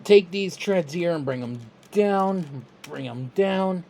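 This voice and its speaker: A toy reviewer talking through a step-by-step tutorial in a relaxed, chatty, self-deprecating way. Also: mid-range voice, takes it slowly, a little hiss or hum.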